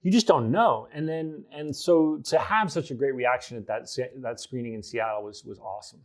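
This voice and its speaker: Halting New Jersey man chatting. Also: medium pitch. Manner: halting, many restarts and repeated words. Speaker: filmmaker guest. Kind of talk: casual interview chat.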